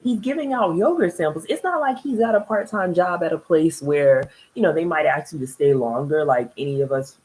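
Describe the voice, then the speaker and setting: Low-voiced woman chatting through a show review. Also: fairly quick, hardly any pauses, rough recording. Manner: chatty and animated, laughs often, mimics people she quotes. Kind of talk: casual video review chat. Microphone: solo video recording.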